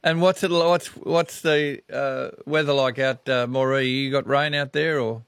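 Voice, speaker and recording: A man's voice: medium pitch, fairly even intonation, unhurried, fairly bright tone, clean tone, no echo, clean studio sound. A man hosting a radio phone-in, chatting with callers in a friendly, easygoing way. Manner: friendly, chatty, laughs easily. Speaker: radio host. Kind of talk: casual radio phone-in chat. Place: radio studio.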